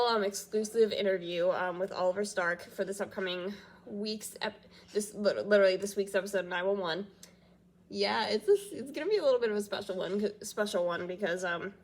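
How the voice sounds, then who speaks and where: Rambling woman vlogger, giddy and chatty. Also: medium pitch. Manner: rambling, many fillers and restarts, giddy. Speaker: reaction channel host. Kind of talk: rambling casual chat to camera. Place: small echoey room at home. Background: faint household noise, dog in background.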